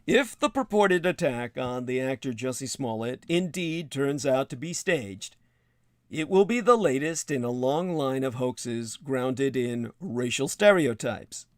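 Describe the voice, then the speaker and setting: A man's voice: mid-range voice, expressive, measured pace, no echo, studio quality. A man hosting a livestream, reading news passages aloud and breaking off into wry, digressive asides with many hesitations. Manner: hesitant, with frequent filler sounds. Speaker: livestream host.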